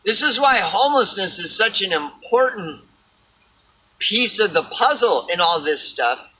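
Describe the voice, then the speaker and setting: A man's voice: high voice, lively intonation, unhurried, sharp tone, breathy edge, low-quality recording. A homeless man ranting to camera, swearing often and stumbling over repeated words. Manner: profane, rambling, repeats words. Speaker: vlogger. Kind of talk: ranting monologue.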